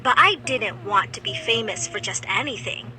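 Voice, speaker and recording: A woman voicing a teenage girl who narrates her own animated story about dreaming of rock stardom, in an earnest, expressive way. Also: mid-range voice, normal speed, soft background music. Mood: determined. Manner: earnest, expressive first-person telling.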